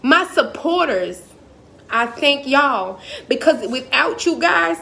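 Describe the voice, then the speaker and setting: A woman's voice: high voice, expressive, takes it slowly, vocal fry, pushed and bright, a little hiss or hum. A woman motivational speaker on a live stream, talking emphatically and repetitively in a preacherly way.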